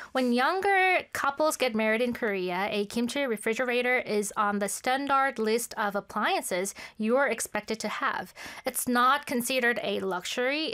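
Woman explaining calmly on radio. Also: fairly high pitch. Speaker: regular guest contributor.

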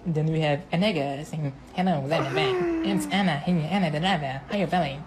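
A woman doing a playful impression of a male radio DJ, mimicking listeners with squeaky high voices. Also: very animated, a little fast, very noisy. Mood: mocking.

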